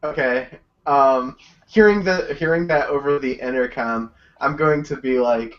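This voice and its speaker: A man playing a tabletop role-playing game, who talks in a quick, chatty way full of questions. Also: medium pitch, fairly bright tone. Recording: dull lo-fi home recording.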